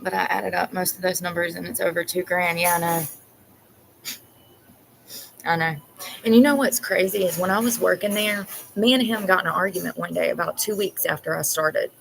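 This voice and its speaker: A woman's voice: on the low side, fairly even intonation, normal speed, vocal fry, fairly bright tone, slight background noise, rough recording. A woman chatting casually from her car, loose and talkative, with frequent laughter. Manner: laughs constantly while retelling a funny video. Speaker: vlogger. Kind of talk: casual chat.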